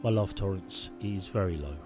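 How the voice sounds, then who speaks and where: A man's voice: sits low, fairly quick, over music. A man giving casual, jokey commentary while streaming a strategy game, talking to himself and his chat. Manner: chatty, jokey, talks to himself.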